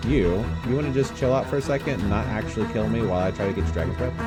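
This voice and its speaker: A man commentating his own video game playthrough with excitable, joking reactions and frequent laughs. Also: lowish voice, rapid-fire, loud music behind the voice. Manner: excitable, jokey, yelps and laughs. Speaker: gaming YouTuber. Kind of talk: Let's Play commentary.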